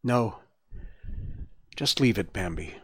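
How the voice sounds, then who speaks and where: A man voicing a weak young male fawn who speaks gently, quietly and earnestly. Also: medium pitch, unhurried, no room sound, clean studio sound, close to an everyday voice. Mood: resigned.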